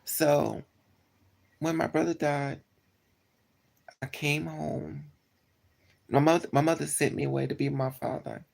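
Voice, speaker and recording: Heavily gravelly, husky livestream storyteller. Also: medium pitch, little pitch movement, unhurried, pauses often, a little mellow. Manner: blunt, profane, repeats and corrects itself. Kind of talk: casual storytelling to live chat.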